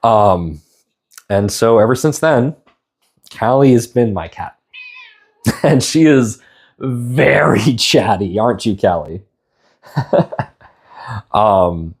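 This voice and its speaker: A man's voice: on the low side, expressive, slow pace, pauses often. A young man chatting casually on a live stream, rambling and tender, stopping to apologize now and then. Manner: rambling, tender, stops to apologize while tearing up.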